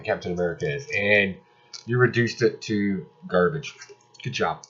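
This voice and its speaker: A man's voice: sits low, normal speed, fairly bright tone, breathy edge. A man casually reviewing comic books, ranting sarcastically and exasperatedly about the ones he dislikes. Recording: slightly dull lo-fi audio.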